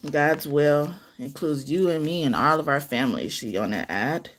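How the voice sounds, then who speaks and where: A woman with a slightly low voice gives a tarot reading on a live stream. Her talk wanders and restarts often, with laughs slipped in between sentences. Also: moderate pace. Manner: loose, rambling speech with many restarts. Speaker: tarot card reader.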